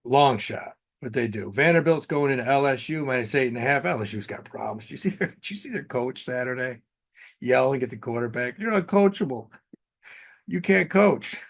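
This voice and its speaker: A man's voice: mid-range voice, a little fast. Blunt man giving betting picks. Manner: blunt, offhand, with frequent fillers. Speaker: sports betting analyst. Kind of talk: casual betting picks monologue.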